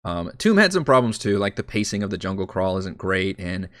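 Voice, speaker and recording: A man's voice: deep voice, big pitch swings, brisk, a bit bright, no echo, studio quality. A man preparing his tabletop game on a live stream, talking casually, rambling and correcting himself. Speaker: dungeon master.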